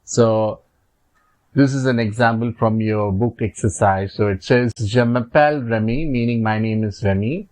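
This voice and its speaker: A man's voice: fairly low pitch, moderate pace, darkish tone. A man with an Indian English accent teaching French grammar over slides, patient and repetitive, with many fillers. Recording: slightly dull lo-fi recording.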